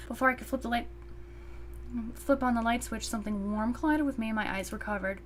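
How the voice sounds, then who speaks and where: A woman hosting her channel, reading a visual novel's narration aloud in an animated, expressive way. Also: a little high, brisk, very noisy.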